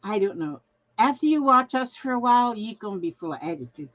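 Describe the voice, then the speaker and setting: A woman's voice: medium pitch, animated, a little fast, muffled recording. A woman hosting a casual craft livestream, chatting in a rambling way and reading viewer comments aloud. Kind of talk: casual live-stream chat.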